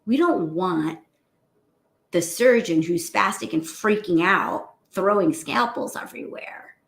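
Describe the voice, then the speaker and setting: Woman, middle-aged, unhurried delivery, lowish voice, emphatic motivational talk. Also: creaky, roomy sound. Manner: earnest, emphatic, conversational. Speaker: physician coach.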